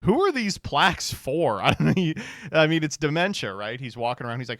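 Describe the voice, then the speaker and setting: A man's voice: fairly high pitch, big pitch swings, a little fast, hardly any pauses, fairly bright tone, no echo, studio quality. A man streamer giving casual reaction commentary, sardonic and profane, laughing often.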